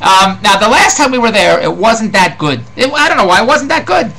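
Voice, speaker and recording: Philly guy ranting fast, keeps repeating words, kinda high voice. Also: very animated, gravelly, sharp tone, slight background noise, poor audio. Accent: Philadelphia. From Philadelphia. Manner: rambling, exasperated, repeats words. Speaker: host. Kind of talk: ranting comedic monologue.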